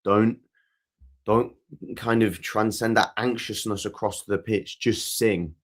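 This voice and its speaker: Casting note: man, lowish voice, earnest fan-stream pundit who restarts his sentences. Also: fairly even intonation, slow pace. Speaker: co-host of a football fan show. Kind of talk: casual live-stream chat.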